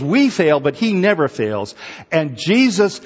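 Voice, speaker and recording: A man delivers a sermon in a church with a chatty, teasing manner, coaxing answers from the pews. His voice sits a little high for a man. The sound is dull and carries a long hall echo. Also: slow, slightly rough. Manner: lively and conversational, teasing the congregation. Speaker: preacher.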